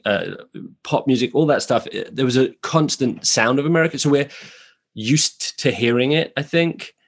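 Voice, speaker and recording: A British man with a mid-range voice talks in a loose, rambling way, working out his thoughts aloud. He is frank and thoughtful. This is casual podcast chat, not prepared speech. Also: medium pitch. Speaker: actor, guest. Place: New York.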